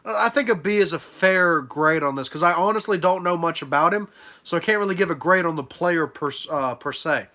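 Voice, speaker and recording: A man's voice: on the high side, brisk, pushed and bright. A young man with a stuffy nose from allergies, chatting casually on a live stream as he reacts to draft picks and hands out grades, with lots of ums and uhs. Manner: chatty, many fillers, hands out letter grades. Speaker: livestream host reacting to a sports draft.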